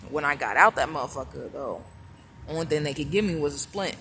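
A man with a somewhat high-pitched voice tells a personal story straight to camera. His delivery is casual and blunt, full of swearing, restarts and repeated phrases. A clear, constant background noise runs under the recording. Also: brisk, bright, forceful tone. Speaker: vlogger.

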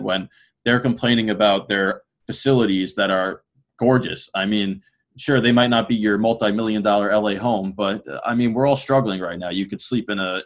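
A man with a somewhat low voice co-hosting a sports podcast. He talks earnestly in a casual way, with a dry, slightly sarcastic edge. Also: fairly bright tone. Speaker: podcast co-host.

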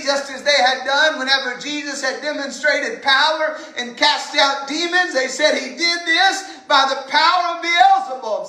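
A woman preaching a sermon in a church, impassioned and rising to shouts. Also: sits high, roomy sound, poor audio.

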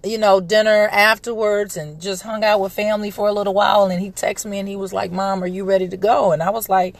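Chatty mom, a bit hoarse. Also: female voice, medium pitch, steady tone, brisk. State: recovering from a respiratory illness, throat clearing. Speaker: podcast host, parent. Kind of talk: casual monologue.

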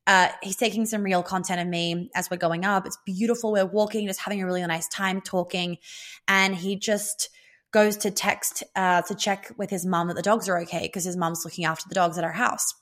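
Young woman, low-pitched, casual storytelling, excited, rambling. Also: normal speed. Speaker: vlogger.

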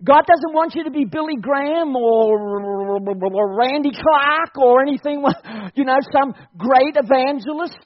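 A man's voice: very high-pitched, measured pace, muffled recording. A man preaching a sermon at a church service, exhorting his congregation and laughing often as he talks.

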